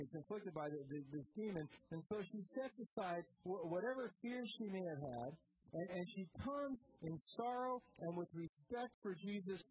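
Preacher, expository sermon, earnest, rhetorical questions, hushed then emphatic. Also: mid-range voice, low-quality recording.

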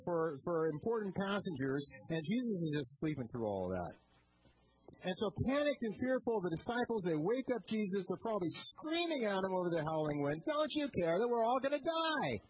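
A male pastor giving a sermon, telling the story in a lively way with many repeated words and restarts. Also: high voice. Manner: animated storytelling, rising to loud excitement. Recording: dull lo-fi sound with faint noise.

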